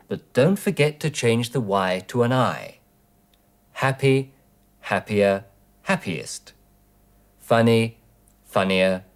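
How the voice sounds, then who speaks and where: A man teaching English in a scripted 1980s television lesson, speaking clearly and deliberately through word drills. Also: mid-range voice. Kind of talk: slow, scripted language lesson. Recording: 1980s educational television recording.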